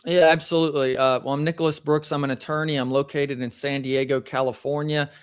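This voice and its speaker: A young man with a Southern American accent from Tennessee, working as an attorney and answering interview questions in a measured, explanatory way. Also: a little high, level tone, smooth, no room sound, studio quality. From Tennessee, USA. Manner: measured, explanatory, with many fillers. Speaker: attorney guest.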